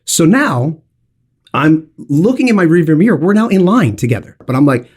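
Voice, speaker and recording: Husky, animated man telling a story. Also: fairly high pitch, normal speed. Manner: lively, swearing, acts out other people's lines. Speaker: podcast co-host telling a story. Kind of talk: animated anecdote on a podcast.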